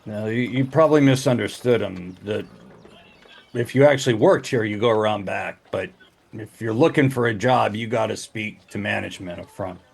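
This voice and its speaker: Guy doing a gruff burly laborer, low and brusque. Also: normal speed. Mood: dismissive. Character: gruff weathered big male museum laborer.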